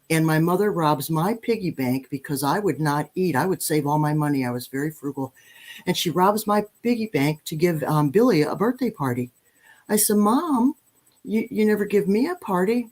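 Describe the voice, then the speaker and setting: Animated woman in her sixties telling stories. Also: fairly low pitch. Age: 60s. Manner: animated, self-deprecating, many restarts. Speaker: podcast guest. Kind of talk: storytelling in conversation.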